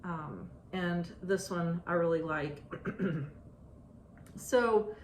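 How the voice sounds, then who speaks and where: A woman chatting casually about her stitching projects, halting and restarting often with ums. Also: lowish voice. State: out of breath. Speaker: stitching vlogger. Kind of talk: casual show-and-tell chat. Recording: echoey room, faint ambient noise.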